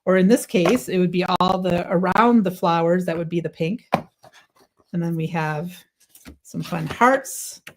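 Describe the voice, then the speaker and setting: A woman's voice: fairly low pitch, a little slow, a little hiss or hum. A woman hosting a live craft stream, chatting enthusiastically through a product demo, sometimes tripping over her words and correcting herself. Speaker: craft livestream host.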